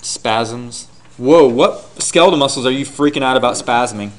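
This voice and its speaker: A man teaching a class, lecturing and quizzing his students with rapid questions and answering them himself. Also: mid-range voice.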